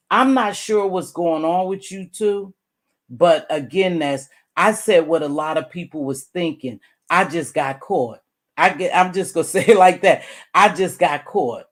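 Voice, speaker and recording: Brief: middle-aged woman vlogger, blunt and animated, voice jumps high and loud to press a point, drops "baby" and curse words. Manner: calls the listener "baby", curses freely. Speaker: YouTube commentator. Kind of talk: direct-address commentary vlog.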